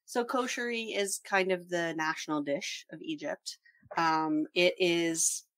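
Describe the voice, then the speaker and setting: A middle-aged Canadian woman talks as a podcast guest, explaining the food and places she saw. Her voice sits a little low for a woman. She is chatty and quick to laugh. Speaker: travel blogger guest. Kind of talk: casual podcast chat.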